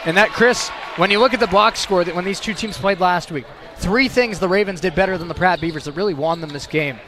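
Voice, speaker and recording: High-voiced man shouting basketball play-by-play. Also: a little fast. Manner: excited, shouting calls. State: out of breath. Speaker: play-by-play announcer. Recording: broadcast with loud crowd and music behind. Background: crowd noise and music.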